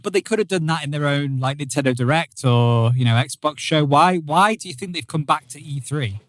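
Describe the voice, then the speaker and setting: A man co-hosting a casual gaming podcast, chatty and quick to restart his sentences. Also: a little high, a bit bright, no echo. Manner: chatty, restarts and repeats words. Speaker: podcast co-host. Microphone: podcast microphone.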